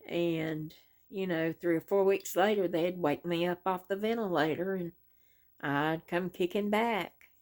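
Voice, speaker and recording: A middle-aged woman, chatting casually on her crochet vlog and rambling through a story with many pauses and "anyway"s. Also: lowish voice, a little mellow. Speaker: crochet vlogger.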